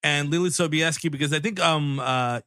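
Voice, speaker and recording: A man's voice: fairly high pitch, moderate pace, pushed and bright, dry recording, clean studio sound. A man co-hosting a comedy podcast who recaps the plot loosely, laughs a lot and drifts into silly bits. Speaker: podcast co-host. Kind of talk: casual comedy banter.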